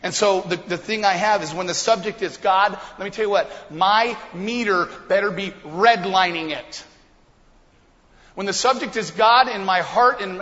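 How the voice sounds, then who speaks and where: A middle-aged man preaching a sermon in a church, swinging from quiet asides to loud, fired-up emphasis. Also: sits high. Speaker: pastor. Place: church sanctuary. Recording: long hall reverb, dull lo-fi sound.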